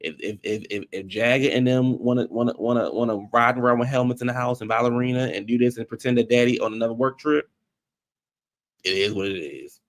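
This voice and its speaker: A man giving casual, blunt recap commentary on a reality show, animated and slangy. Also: brisk. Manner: animated, acts out quotes in high voices.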